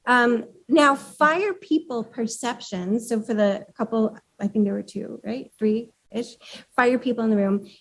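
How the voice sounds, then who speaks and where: Speaking a little slowly in a fairly high voice, a woman author leads a relaxed workshop for a room of women leaders. She lays out her ideas and puts questions to the audience.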